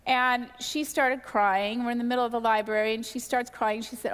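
A middle-aged woman sharing a candid, animated personal testimony from the pulpit. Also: a little high, moderate pace, hardly any pauses, smooth. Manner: candid, animated storytelling with self-deprecating asides. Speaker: pastor's wife sharing testimony. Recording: reverberant church hall.

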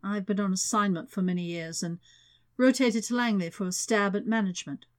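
A woman's voice: mid-range voice, fairly even intonation, close to an everyday voice. A woman voicing a cool British female spy. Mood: composed. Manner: cool, measured.

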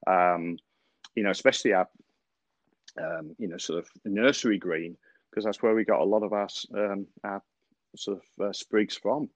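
A man with a lowish voice hosts a golf podcast and also coaches golf, talking at a normal speed. He chats casually and tells rambling stories, full of fillers and restarts, and laughs often. The recording is dry, dull, lo-fi podcast audio.

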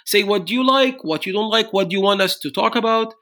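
A man's voice: high voice, fairly quick. A man hosting a podcast, signing off in a loose, rambling way with many fillers. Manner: relaxed, rambling sign-off with fillers. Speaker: podcast host. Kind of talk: casual podcast chat.

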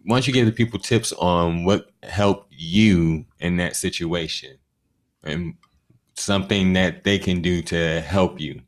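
A man's voice: sits low, unhurried. A man hosting a podcast, steadily leading the talk and asking questions. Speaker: podcast host. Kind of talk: casual chat.

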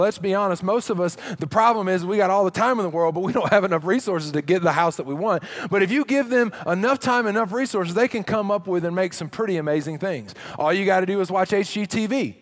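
A middle-aged man preaching a sermon as pastor, humorous and conversational, with dramatic drops to a hush. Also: sits high.

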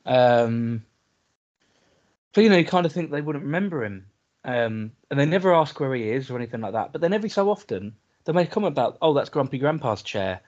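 A man's voice: medium pitch, animated, brisk, darkish tone, muffled recording. A man teasingly chatty. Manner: teasing, chatty, recounts kids' sayings. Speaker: podcast co-host. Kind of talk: casual chat.

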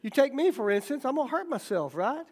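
A man's voice: extremely high pitch, very animated, fairly quick, a little mellow. A middle-aged male pastor giving a folksy, joking sermon, checking in with "okay?" and "right?" and acting out the voices in his stories. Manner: acts out quoted voices in stories.

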